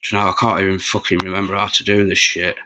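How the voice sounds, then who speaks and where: Fast and low-pitched, with a sharp tone and little pitch movement, a man in his forties runs a livestream. He chats casually with viewers, swearing a lot and wandering from topic to topic.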